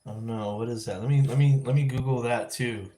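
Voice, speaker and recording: A man hosting a live vlog stream, chatting casually and thinking out loud with lots of restarts and self-corrections. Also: mid-range voice, steady tone, fairly quick, slight background noise. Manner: rambling, thinking aloud with frequent restarts. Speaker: livestream vlog host.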